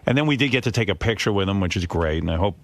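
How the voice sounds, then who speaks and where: A man's voice: lowish voice, rapid-fire. A middle-aged man hosting a radio show, telling an embarrassing story in a profane, self-deprecating way. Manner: animated, profane, self-deprecating, acts out other people's voices. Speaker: radio host. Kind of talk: casual studio chat, storytelling. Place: radio studio.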